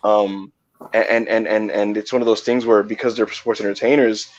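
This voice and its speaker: A man's voice: lowish voice, level tone, normal speed, a little mellow. A man co-hosting a podcast in casual chat, often stammering and repeating words as he starts a thought. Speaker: podcast co-host. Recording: slightly dull lo-fi mic.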